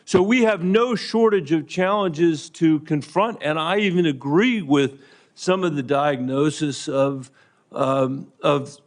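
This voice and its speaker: A man's voice: a little high, slow pace. Man pressing pointed yes-or-no questions. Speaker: senator questioning a nominee. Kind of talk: hearing questioning.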